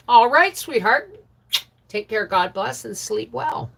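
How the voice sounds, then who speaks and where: A middle-aged woman hosting a casual homestead livestream, greeting viewers by name and chatting warmly. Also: medium pitch, lively intonation, slow, gravelly. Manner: chatty, warm greetings to viewers, laughs often. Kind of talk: casual live chat reading viewer comments.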